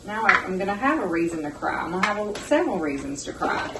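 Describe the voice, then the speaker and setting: A woman's voice: mid-range voice, sing-song, quick pace, very noisy. Chatty woman in an echoey kitchen. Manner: chatty, folksy, talks to viewers as "y'all". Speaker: cooking show host. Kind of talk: casual home cooking vlog. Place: home kitchen. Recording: echoey kitchen, mic far off, loud kitchen clatter. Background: dishes and pans clattering.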